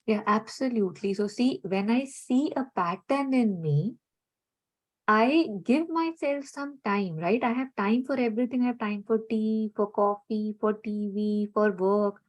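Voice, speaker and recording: A woman speaking in a reflective, conversational way, gently searching for her words and often saying "you know" as she explains. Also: mid-range voice, a little slow, rough recording.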